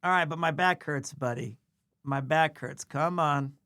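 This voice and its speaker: A man's voice: fairly high pitch, a little slow, pushed and bright. Man telling a rambling pet story. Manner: rambling anecdote, stops to coo at his cat. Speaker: streamer. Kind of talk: casual livestream chat.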